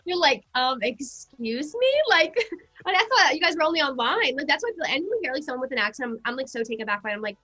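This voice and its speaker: A young American woman in casual chat as a podcast guest, bubbly and full of "like", with a bright, high voice. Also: expressive, very fast, soft background music. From United States. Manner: bubbly, lots of "like".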